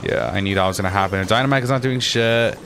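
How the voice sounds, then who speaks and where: A man's voice: lowish voice, quick pace, over music. A young man giving live gameplay commentary, frustrated and swearing constantly as he rants at his teammates. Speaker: gaming channel host.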